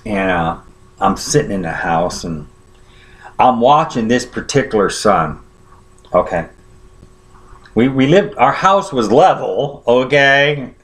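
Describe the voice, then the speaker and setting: A man's voice: fairly low pitch, animated, slow pace, pauses often, fairly bright tone. A man preaching a sermon, telling a personal story in a conversational way and often checking in with his listeners.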